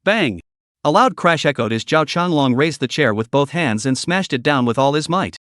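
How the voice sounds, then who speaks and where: A man's voice: on the high side, animated, normal speed, a bit bright, dry recording, clean studio sound. A man narrating a dramatic story recap in a scripted storytelling style.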